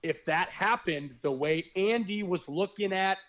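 A young man, a former reality game contestant, telling stories in a rambling, animated casual chat. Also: sits high, unhurried, muffled recording. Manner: rambling, animated storytelling with fillers.

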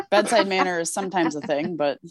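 A woman's voice: lowish voice, normal speed, no echo, clean studio sound, soft background music. A woman hosting a podcast, chatting in a bubbly, playful way and laughing often. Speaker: podcast host. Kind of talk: casual podcast chat.

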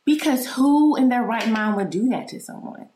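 A woman hosting her own podcast, telling a personal story in a candid, animated and profane way. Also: fairly high pitch, moderate pace, roomy sound. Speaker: podcast host.

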